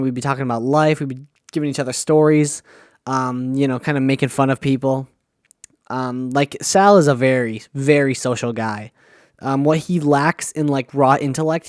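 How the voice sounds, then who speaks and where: A young man telling stories in a relaxed, slangy monologue full of fillers. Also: medium pitch, dry recording, clean studio sound. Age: young adult. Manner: laid-back slangy, many fillers and "dude". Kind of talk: casual storytelling monologue.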